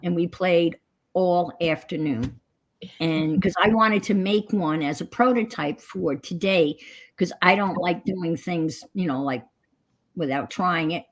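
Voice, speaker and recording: A woman hosting a crafting livestream, chatting casually in a rambling way. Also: lowish voice. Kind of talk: casual chat. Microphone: computer mic on a livestream.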